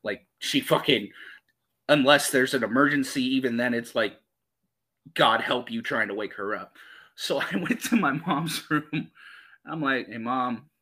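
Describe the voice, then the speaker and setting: Bright punchy guy telling crazy stories on a podcast, swears a lot. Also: mid-range voice, a little slow, slightly rough. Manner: animated, profane storyteller. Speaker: podcast host. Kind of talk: casual storytelling chat.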